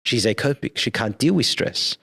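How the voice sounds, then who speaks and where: A man's voice: mid-range voice, lively intonation, moderate pace, creaky, fairly bright tone, slightly rough. A man, a priest, explaining things earnestly in a podcast discussion and checking in with "right?". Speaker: priest guest.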